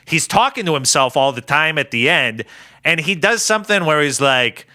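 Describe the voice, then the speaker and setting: This co-host has a slightly high voice and talks at a normal speed. In a casual, energetic podcast chat, he mocks scenes by playing out their characters.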